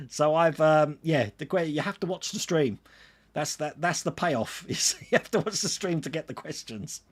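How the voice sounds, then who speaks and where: A man's voice: fairly high pitch, unhurried, breathy edge. A man hosting a casual livestream, reading out viewer comments and answering them in a chatty way. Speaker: livestream host answering chat.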